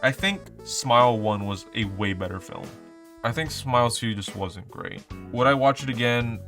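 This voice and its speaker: A man's voice: mid-range voice, expressive, normal speed, a bit bright, soft background music. A young man in his twenties reviewing movies in casual, rambling chat, full of fillers and swearing. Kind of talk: casual vlog commentary.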